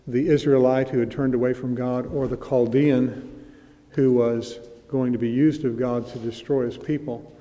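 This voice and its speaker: A man delivers an expository sermon with a mellow, darker tone. He reads scripture with rising emphasis and slows right down on the phrases he wants to stress. His voice carries a long reverb, as if from a church hall. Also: medium pitch. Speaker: preacher. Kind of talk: expository Bible teaching.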